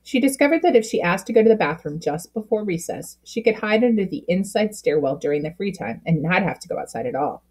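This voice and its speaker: A woman reading a children's book aloud with expressive storytelling, slowing down at key moments. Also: mid-range voice. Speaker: storybook reader.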